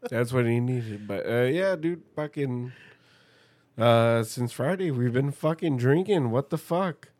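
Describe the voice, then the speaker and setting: A man's voice: medium pitch, lively intonation, measured pace, a little mellow. A man in casual chat who swears freely and acts out quotes.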